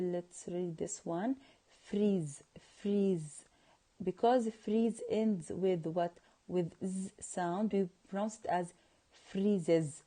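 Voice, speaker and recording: A woman teacher whose first language is Arabic talks through an English pronunciation lesson at a very slow, careful pace. Her voice is mellow and soft-edged at an ordinary pitch. She keeps posing questions to an unseen class and answering them herself, repeating each example word. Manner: drills words, asks and answers her own questions.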